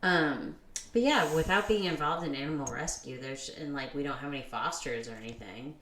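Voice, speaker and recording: A woman's voice: low voice, brisk, a bit bright. A woman chatting casually as a podcast guest, rambling and repeating herself. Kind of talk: casual chat. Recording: echoey room.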